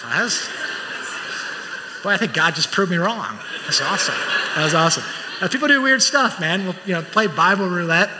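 A man preaching a sermon as pastor, telling stories with animated, acted-out voices. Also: high-pitched, normal speed, very noisy. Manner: animated storytelling, acts out voices. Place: church auditorium. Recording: church hall reverb.

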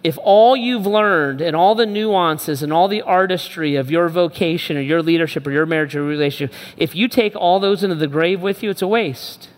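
A man's voice: a little high, normal speed, hardly any pauses. Preaching man in a reverberant hall. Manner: emphatic, repetitive preaching with direct address. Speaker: pastor. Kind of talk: sermon.

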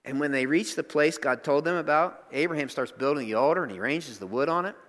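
A man with a high, bright voice preaching a sermon, conversational and emphatic as he speaks. The sound is a church hall with long reverb trailing each phrase. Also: fast. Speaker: pastor.

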